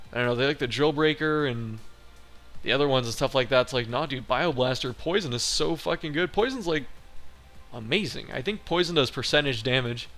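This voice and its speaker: A man's voice: mid-range voice, a bit bright. Chatty, swearing man over game music. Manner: chatty and profane, hums along while fighting. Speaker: let's play host. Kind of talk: casual gameplay commentary.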